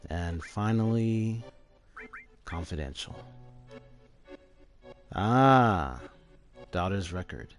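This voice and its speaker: A man's voice: low-pitched, expressive, drawn-out words, long pauses, faint music behind. A man streaming a game live, reacting and reading on-screen dialogue aloud. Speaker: gaming streamer.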